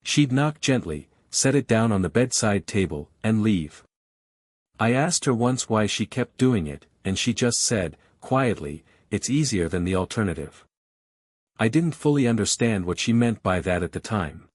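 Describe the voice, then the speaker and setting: Older man, low voice, calm reflective storytelling, dry recording. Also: normal speed, no room sound. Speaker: narrator. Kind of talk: scripted first-person story narration.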